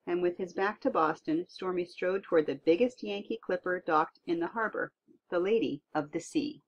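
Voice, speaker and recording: A woman reading a tall tale aloud in an expressive storytelling manner. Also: on the low side, moderate pace. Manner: lively expressive read-aloud. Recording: dull lo-fi recording.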